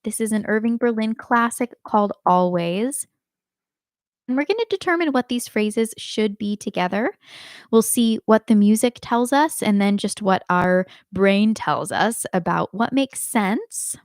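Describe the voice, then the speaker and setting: A woman giving a live online singing lesson, explaining clearly and demonstrating phrases by speaking and singing them. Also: medium pitch, lively intonation, measured pace, no echo, studio quality. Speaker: singing teacher.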